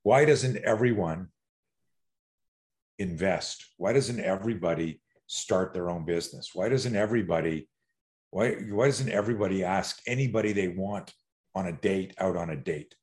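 A fight coach with a fairly low voice chats on a casual podcast at a moderate pace, in a loose, conversational flow. He's an animated storyteller who swears now and then and keeps restarting his sentences.

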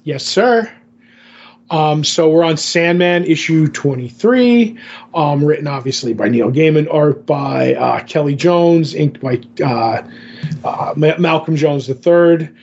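A man's voice: a little high, slow pace, darkish tone, husky, lo-fi sound. A man co-hosting a podcast, recapping a comic in casual chat, rambling with lots of fillers and restarts. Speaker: podcast co-host.

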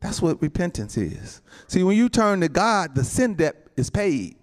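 A male pastor delivers a sermon in a fairly high voice that swoops up and down with feeling. He keeps calling out to his congregation and sprinkles amens between his points. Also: measured pace. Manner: animated preaching, peppered with amens and addresses to the saints. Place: church building with a congregation.

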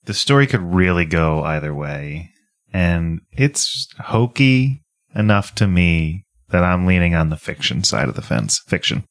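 Low voiced guy, lots of pitch swing, wry, dry mic. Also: very animated, unhurried, dry recording. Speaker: podcast panelist. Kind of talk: casual chat.

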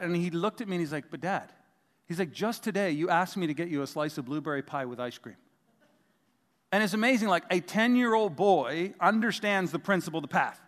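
Middle-aged male pastor, high voice, jokey self-deprecating sermon delivery, long church reverb. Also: a little fast, fairly bright tone. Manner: humorous, self-deprecating storytelling. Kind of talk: sermon with personal stories.

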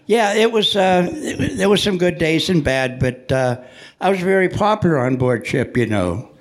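A man's voice: high-pitched, lively intonation, moderate pace. An older man, a Navy veteran, telling jokey stories live to an audience in a church hall. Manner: jokey, punchline-driven, chatty with the audience. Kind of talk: joking live storytelling.

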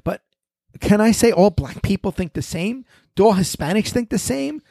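Man telling a story, slightly high voice. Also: moderate pace, gravelly, dry recording. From United States. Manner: storytelling, animated, quoting exchanges. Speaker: pastor. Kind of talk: conversational panel discussion.

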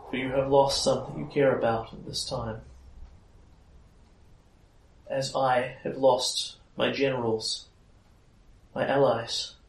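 A man's voice: mid-range voice, creaky, voice pushed up. A man voicing a sorrowful, regal fae queen who speaks solemnly and pleads. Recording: echoey room, mic at a distance.

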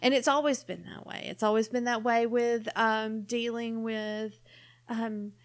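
Animated woman podcast co-host. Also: fairly high pitch, unhurried. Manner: animated storyteller, acts out quotes. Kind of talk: casual chat.

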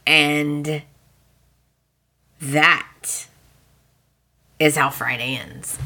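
A woman hosting a podcast, casually retelling soap opera scenes in an animated way and acting out the characters' lines. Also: deep voice, takes it slowly. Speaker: podcast host.

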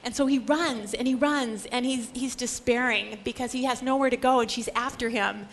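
A woman's voice: on the high side, fairly even intonation, normal speed. Woman giving an emphatic scripture lecture. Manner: dramatic, emphatic storytelling. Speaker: Bible teacher.

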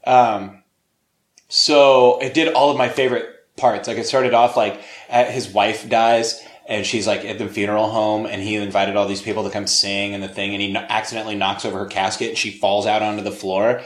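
A young man in casual chat, telling a funny movie story and acting out the characters in high, excited voices. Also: moderate pace, reverberant. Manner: animated storyteller, acts out scenes in high voices.

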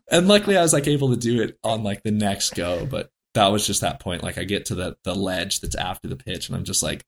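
A man with a somewhat low voice tells a story as a guest on an interview show. His delivery is casual and rambling, full of fillers. He laughs now and then and briefly puts on voices for the people he quotes. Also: lively intonation, fairly quick, creaky, hardly any pauses.

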